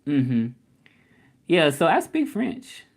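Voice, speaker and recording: A young man from Memphis with a Southern US accent, hosting a casual livestream and answering comments in an animated, indignant way. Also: fairly high pitch, slow pace. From Memphis, Tennessee, US. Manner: animated, indignant at doubters, drawling. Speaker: livestream host.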